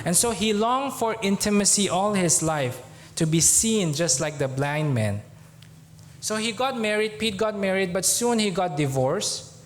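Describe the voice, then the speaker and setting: A man with a Zomi accent preaching a sermon as pastor in a church, telling a story slowly and earnestly with pauses. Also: high-pitched, lively intonation, a little hiss or hum.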